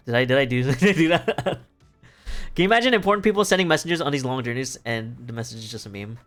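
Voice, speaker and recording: A man's voice: mid-range voice, lively intonation, fairly quick, fairly bright tone. A young man streaming, casually retelling a play in a rambling, profane way, laughing often. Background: faint music.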